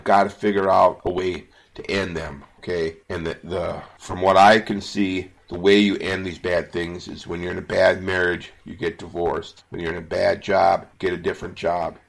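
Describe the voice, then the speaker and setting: Deep gravelly emphatic man. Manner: emphatic, repeats "okay?" and "all right?". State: emotional. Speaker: self-help podcast host. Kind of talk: earnest motivational monologue.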